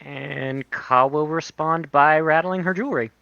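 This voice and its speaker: Guy playing in a tabletop game, bright voice, dry close sound, jokey asides. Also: fairly high pitch, unhurried, vocal fry, no room sound. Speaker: player. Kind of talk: casual tabletop game play. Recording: dull lo-fi mic.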